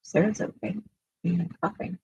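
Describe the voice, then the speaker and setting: A woman's voice: fairly low pitch, fairly even intonation, moderate pace, vocal fry, warm tone, slightly rough, no room sound, muffled recording. A woman chatting casually while painting at home, cooing sing-song at her dogs. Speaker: artist and vlogger.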